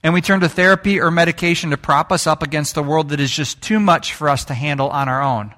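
A man's voice: on the high side, quick pace, bright, forceful tone. A man preaching a conversational sermon to his congregation as pastor. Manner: conversational, with playful put-on greetings.

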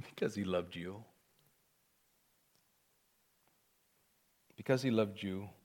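A man preaching a sermon, swinging from hushed, intimate lines to loud, emphatic cries. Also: on the high side. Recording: long hall reverb.

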